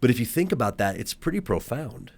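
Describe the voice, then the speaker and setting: A man, a podcast guest, telling a story in a casual chat, animated and emphatic. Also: mid-range voice, a little fast. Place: podcast studio at a table.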